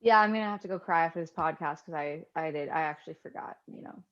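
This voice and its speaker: A woman's voice: deep voice, fast talker, dull audio. A woman co-hosting a podcast, chatting casually and telling stories with lots of swearing. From Canada. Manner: swears freely, animated storytelling. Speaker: podcast co-host.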